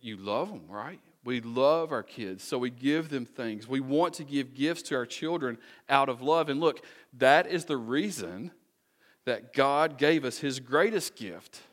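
A man's voice: on the high side, a bit bright. A man preaching a conversational sermon, asking rhetorical questions and making folksy asides to the congregation. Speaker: pastor.

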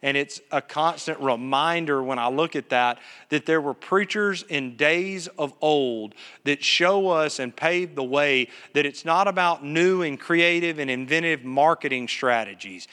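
Guy preaching a sermon in church, ringing bright voice, long echo. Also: fairly high pitch. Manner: earnest storytelling preacher, asks the congregation questions. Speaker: pastor. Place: church sanctuary, live service. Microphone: PA microphone.

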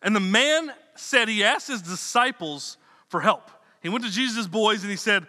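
High, bright-voiced preacher in a reverberant hall. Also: male voice, lively intonation, a little slow. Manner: conversational, repeats words, slangy asides. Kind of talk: sermon.

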